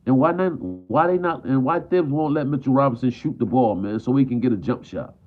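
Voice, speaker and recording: A man's voice: mid-range voice, lively intonation, brisk, soft background music. Man, frustrated sports fan, live stream rant, repetitive, keeps saying "man", tinny phone-quality audio.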